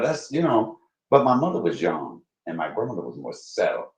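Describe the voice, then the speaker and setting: Deep-voiced chatty man cooking on a livestream. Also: a little fast. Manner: chatty, swings into high excited bursts, talks to viewers as y'all. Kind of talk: casual livestream cooking chat. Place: home kitchen. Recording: roomy, dull livestream audio.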